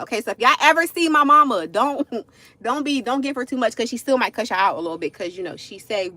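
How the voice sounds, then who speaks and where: A woman's voice: mid-range voice, sharp tone. A woman, telling a casual story on a livestream, chatty, addressing viewers as y'all, with frequent asides. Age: 40s.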